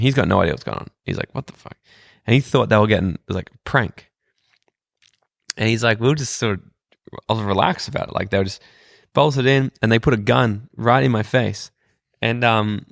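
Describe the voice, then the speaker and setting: A man who speaks as a podcast guest, telling stories in a relaxed, casual way, swearing freely and often restarting his sentences. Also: lowish voice, vocal fry, no echo, studio quality. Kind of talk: casual conversational storytelling.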